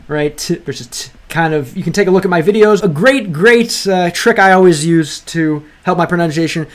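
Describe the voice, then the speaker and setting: A man's voice: fairly high pitch, brisk. A man giving casual commentary while playing a game, chatty and full of restarts, reading lines aloud and translating them. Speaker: language-learning gaming creator.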